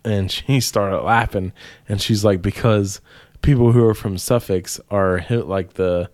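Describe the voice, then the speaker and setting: Slow-talking man telling stories. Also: on the low side, fairly even intonation, a little mellow, no echo. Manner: swearing storyteller, laughs often. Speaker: podcast co-host. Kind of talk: casual chat.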